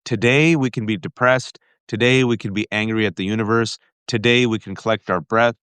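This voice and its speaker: A man earnestly recounting a family ordeal in an interview, halting often and restarting his sentences. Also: fairly low pitch, fairly bright tone, clear, resonant tone, dry recording. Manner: earnest, halting, with restarts and frequent direct address. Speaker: guest. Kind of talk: emotional personal storytelling in an interview.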